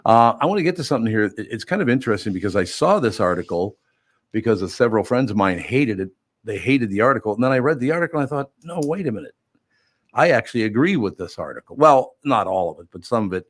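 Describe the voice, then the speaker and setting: A man's voice: fairly low pitch, expressive, quick pace, dry recording. An older man hosting a radio show, chatting casually in a wry, rambling, self-mocking way. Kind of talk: casual chat.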